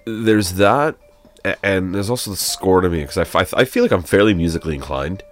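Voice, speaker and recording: A man co-hosting a podcast in casual chat, relaxed and hesitant, trailing off mid-thought. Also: low-pitched, brisk, soft background music. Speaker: podcast co-host.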